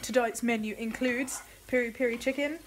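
A woman's voice: on the high side, fairly even intonation, normal speed, a little hiss or hum. A young woman chatting candidly and animatedly to camera in a casual home vlog. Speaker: vlogger. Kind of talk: casual chat. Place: home, office and kitchen indoors.

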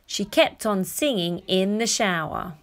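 A woman reading a children's picture book aloud, gently and expressively. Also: mid-range voice, lively intonation, a little slow. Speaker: storyteller.

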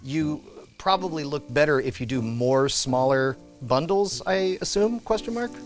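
High, animated man joking around. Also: measured pace, faint music behind. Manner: joking, laughs often, restarts lines. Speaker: host. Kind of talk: casual comedic banter between takes. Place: hot warehouse without air conditioning.

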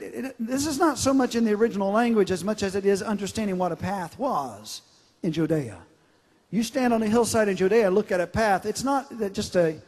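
A man with a strikingly high voice preaches a sermon in a large church sanctuary. He stretches out scripture lines for emphasis and often restarts his words. His voice rings with long reverb through the hall. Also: darkish tone. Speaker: pastor.

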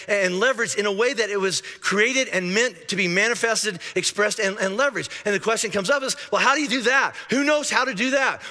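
A man's voice: high-pitched, bright, forceful tone, long reverb tail. A male pastor preaching a sermon in a chatty, joking way, often restarting his sentences, heard in a church auditorium. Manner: conversational and joking, with frequent restarts.

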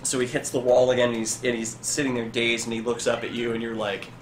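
A man's voice: medium pitch, flat delivery, quick pace. A man running a tabletop game as game master, narrating with loose, vivid storytelling. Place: indoors at a LAN party. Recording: echoey noisy room.

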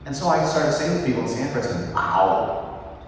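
A middle-aged priest preaches in a large church, his voice carrying a long, ringing reverb. He sounds a little distant from the microphone. He tells stories in a lively, conversational way. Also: medium pitch, moderate pace, a little hiss or hum. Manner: storytelling, animated and conversational. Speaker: pastor. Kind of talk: sermon. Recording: echoey church picked up from afar.

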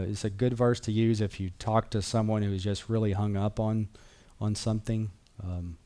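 Earnest low-voiced man teaching scripture. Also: dark tone. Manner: earnest, repeats key phrases, reads verses aloud. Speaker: Bible teacher. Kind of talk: conversational Bible class teaching.

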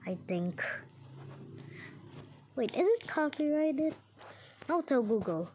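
Slow-talking, high-voiced woman gamer. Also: very animated, mellow, a little hiss or hum. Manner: playful, chatty, talks to herself while playing; eats and drinks on mic. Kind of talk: casual gameplay commentary. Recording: game music playing under the voice. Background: game music.

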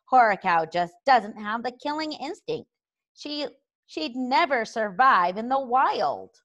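A gloomy young boy, played by a woman reading a storybook, giving up with a despairing sigh in his words. He speaks slowly with a lively rise and fall. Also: fairly high pitch, muffled recording, voice pushed up. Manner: despairing, sighing.

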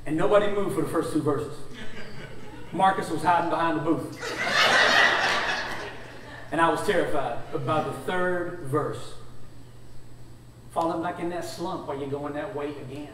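A man preaches as a guest speaker, spinning a comic story and acting out the dialogue. His voice sits high for a man. It is picked up from a distance in a very echoey sanctuary, with noise underneath. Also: a little slow, long pauses. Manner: animated, acts out dialogue. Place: church sanctuary. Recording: echoey church hall, distant, noisy.

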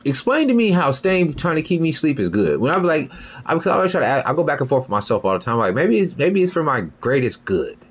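A man's voice: a little high, sing-song, fast talker. A young man hosting a podcast in a rambling, profane casual monologue, often asking "you feel me". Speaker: podcast host.

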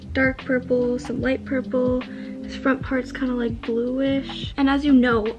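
A woman with a high voice talks in a casual self-filmed vlog. She sounds frustrated and candid, her speech loose and filler-heavy. Music plays behind her. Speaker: vlogger.

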